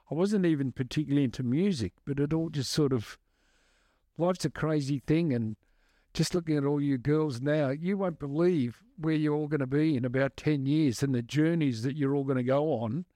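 A man's voice: medium pitch, dark tone, dry recording, clean studio sound. A man, a guest musician, answering questions in a chatty, rambling way full of restarts. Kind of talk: casual storytelling answers.

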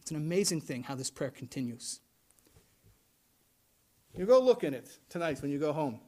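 A man delivering a sermon as a religious teacher, talking in an animated way and often laughing as he speaks. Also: a little high, normal speed.

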